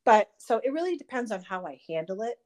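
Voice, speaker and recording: Woman co-host, lively and profane storyteller, casual chat. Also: a little high, a little fast. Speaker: podcast co-host.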